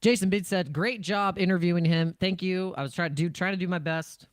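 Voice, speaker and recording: A man hosting a crypto live stream in a casual, rambling way, with a slightly high, smooth voice. He jokes around, restarts his sentences and laughs often. The sound is close and dry. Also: fairly quick, no echo. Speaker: crypto livestream host.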